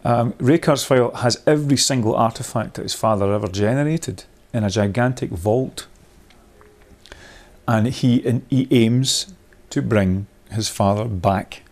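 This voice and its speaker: A workshop leader with a middle-pitched, darkish voice talks unhurriedly, thinking aloud as ideas come to him. His chatty, discursive manner rambles, circles back, and restarts often, with occasional laughter.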